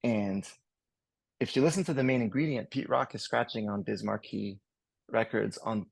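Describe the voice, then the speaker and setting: A man in his forties with a French Canadian accent, a guest chatting casually on a podcast in a rambling, relaxed way. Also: lowish voice, moderate pace, vocal fry, husky, no room sound. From Canada, Montreal. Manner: rambling and relaxed, many fillers and restarts.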